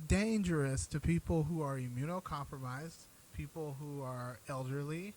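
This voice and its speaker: Speaking straight to his viewers, an online show host delivers earnest, blunt commentary that becomes profane as he grows heated. His slightly high, darkish voice moves at a moderate pace, and the poor-quality recording carries a little hiss or hum.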